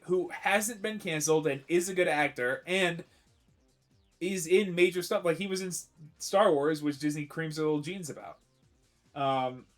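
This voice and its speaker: On a live stream, a man with a slightly higher-than-usual voice chats casually over faint background music. He rambles, corrects himself by restarting sentences and argues his opinions firmly.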